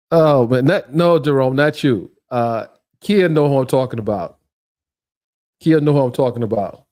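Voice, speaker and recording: A middle-aged man hosting a livestream, ranting in a mocking, animated way with frequent laughter and repeated phrases. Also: mid-range voice, measured pace, long pauses. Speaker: livestream host. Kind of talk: casual livestream rant.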